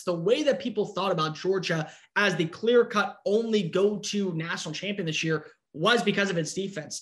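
A man giving an opinionated, animated breakdown in casual sports talk. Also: high-pitched. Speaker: sports analyst.

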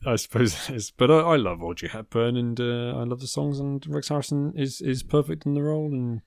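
A man's voice: mid-range voice, a little fast, creaky, no echo. A man co-hosting a film podcast, talking with dry humour and lots of hesitant restarts. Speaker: podcast co-host. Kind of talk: casual film podcast chat.

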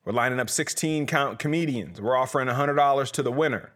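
Speaking quickly in a mid-range, fairly bright voice, a young male comedy podcast host rambles along. His casual rant is full of crude jokes as he plugs his own shows, which fits his role as a comedy promoter.

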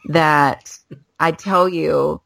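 A woman's voice: sits low, steady tone, drawn-out words, gravelly, fairly bright tone. A woman co-hosting a podcast in casual film chat, effusive and emotional as she retells scenes, with many fillers. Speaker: podcast co-host.

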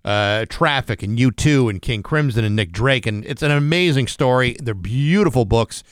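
A man's voice: mid-range voice, lively intonation, normal speed, dry recording. A man co-hosting a morning radio show, chatting casually and reading station IDs and sponsor plugs from a studio microphone.

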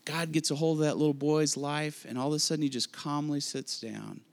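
A man preaching a sermon, animated and speaking directly to his listeners. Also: a little high, brisk, creaky. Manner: animated preaching with asides to the audience. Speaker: pastor.

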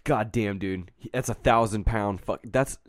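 Crude, swearing young man, fairly low voice. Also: moderate pace, dry recording. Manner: crude, profane banter. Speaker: podcast co-host. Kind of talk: casual chat.

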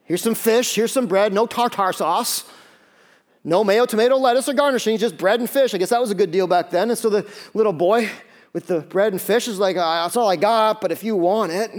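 A man preaching a sermon in a lively, conversational way, with quick asides and acted-out quotes. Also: sits high. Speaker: pastor.

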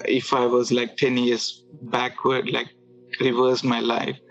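A man casually telling a personal story, halting and restarting often, with filler words. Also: mid-range voice, monotone, creaky, muffled recording, faint music behind. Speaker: guest telling his conversion story.

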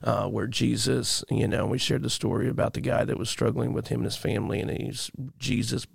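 A man's voice: lowish voice, steady tone, a little fast, creaky, husky, dry recording, studio quality. A man, a pastor, talking earnestly in a rambling way on a church podcast. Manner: rambling, earnest, many fillers. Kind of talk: casual podcast chat.

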